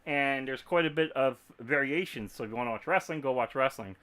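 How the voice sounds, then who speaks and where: A man's voice: mid-range voice, fairly quick, fairly bright tone. Chatty Texan man on a livestream. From Texas. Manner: rambling, chatty, laughs easily. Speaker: YouTube creator. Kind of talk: casual livestream chat.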